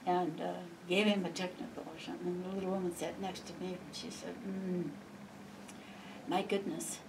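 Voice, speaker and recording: A woman's voice: on the low side, flat delivery, fast, creaky. Rambling older woman telling stories. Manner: chatty and rambling, laughing often. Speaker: interviewee. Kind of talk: reminiscing storytelling. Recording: distant mic, faint background noise.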